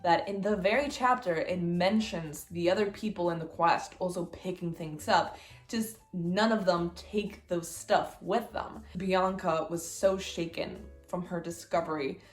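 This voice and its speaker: A woman's voice: on the low side, measured pace. Chatty young woman book vlogger. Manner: chatty and excitable. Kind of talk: casual chat. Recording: roomy echo.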